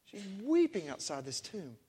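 A man preaches to his congregation, his voice pitched a little high for a man. He tells his story with feeling, dropping to a hush and then rising to emphatic peaks. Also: wildly swooping pitch, normal speed, slightly rough. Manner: storytelling, swings from hushed to emphatic. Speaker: pastor. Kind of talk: sermon. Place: church sanctuary.

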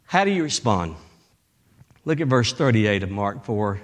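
A male pastor preaching a sermon dramatically, swinging between loud bursts and hushed tones. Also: lowish voice, very animated, unhurried, pauses often.

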